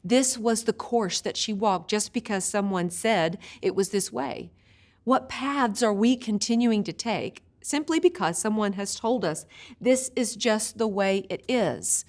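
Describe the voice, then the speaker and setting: A woman teaching a video Bible study, an expressive storyteller who slows down for vivid images. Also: medium pitch.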